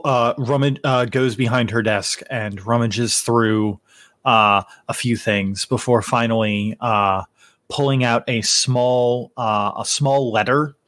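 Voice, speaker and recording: A man narrating a tabletop game as game master, halting with many fillers and restarts. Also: mid-range voice, a bit bright, dry recording.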